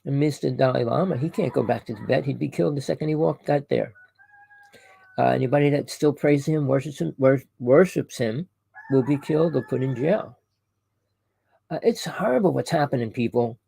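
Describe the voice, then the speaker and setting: A man's voice: mid-range voice, a little fast, vocal fry, mellow, breathy edge, no room sound, poor audio. A man delivering a rambling, preachy monologue to camera. He keeps correcting himself, calls his listeners "people" and fires off rhetorical questions. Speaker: online conspiracy commentator.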